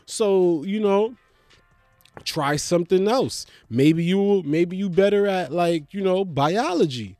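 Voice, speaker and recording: A man ranting in a profane stand-up comedy style, animated, swinging between mocking voices and loud outbursts. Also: high voice, takes it slowly, dry recording, soft background music.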